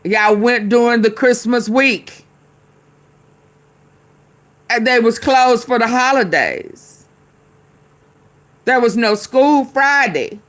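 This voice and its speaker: Her voice sits on the high side, and she speaks slowly with frequent pauses. This woman streams commentary, casually reacting to a news clip in a heated way and calling out her chat as she argues with the screen.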